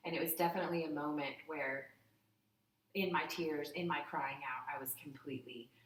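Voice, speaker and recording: A woman with a lowish voice tells a raw, heartfelt story, animated and candid, acting out what people said to her. She sounds set back from the mic in an echoey room with faint noise behind her. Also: brisk, distant mic. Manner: candid, heartfelt, animated retelling with acted-out quotes. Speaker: guest telling a personal story. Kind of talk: emotional personal storytelling.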